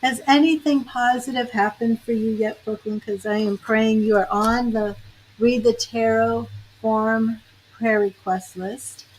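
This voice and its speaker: A woman's voice: a little high, fairly even intonation, unhurried, husky, low-quality recording. A woman tarot reader and psychic medium chatting on a livestream, laughing often and greeting viewers by name. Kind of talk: casual livestream chat.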